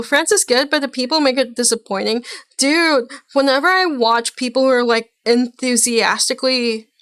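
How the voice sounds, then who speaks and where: A woman's voice: on the high side, a bit bright, clear, resonant tone, no room sound. A woman streaming a reaction to a video, chatting casually in a rambling, blunt way and swearing now and then.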